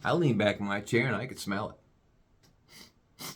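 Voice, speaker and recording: A man telling a comic story in a drawn-out, playful way. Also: fairly low pitch, slightly rough. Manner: animated, drawn-out comic buildup.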